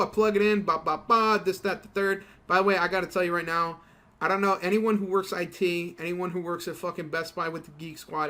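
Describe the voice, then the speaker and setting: A man's voice: fairly high pitch, pushed and bright. A young man telling a rambling, profane story while commenting on his gameplay. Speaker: gaming YouTuber.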